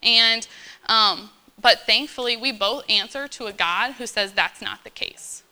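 Bright, earnest woman preaching casually. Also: on the high side, measured pace, smooth. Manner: chatty, earnest, full of fillers and "okay?". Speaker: church speaker. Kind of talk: informal sermon to young believers.

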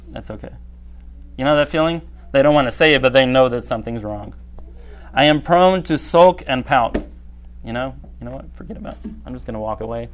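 A man giving a conversational sermon, often checking in with the listeners and acting out everyday reactions. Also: medium pitch. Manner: conversational, repeatedly asking "right?"; reads checklist aloud, acts out quoted reactions.

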